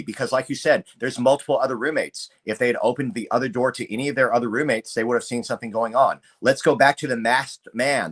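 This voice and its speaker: A man's voice: medium pitch, husky. A man hosting a live true-crime show, talking steadily and going through a call transcript. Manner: steady, reads transcript aloud. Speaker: show host.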